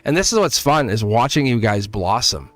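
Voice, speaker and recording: Homem risonho lendo tarô ao vivo. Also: male voice, medium pitch, moderate pace, dry recording. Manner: animated, laughs often, talks straight to viewers. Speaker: tarot reader. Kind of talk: live tarot reading.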